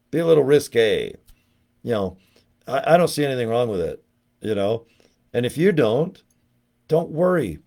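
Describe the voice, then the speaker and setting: Joking, rambling man with a middle pitch. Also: darkish tone. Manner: joking, laughs often, does silly voices. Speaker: network marketing vlogger. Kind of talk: rambling comedic monologue.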